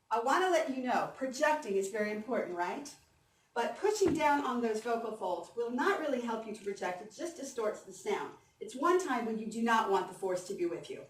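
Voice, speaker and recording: Woman voice coach, encouraging workshop leader, higher voice, echoey hall, faint room hum. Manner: animated and encouraging, guiding the audience through exercises. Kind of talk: conference workshop talk with exercises. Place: conference hall. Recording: echoey hall, mic from a distance.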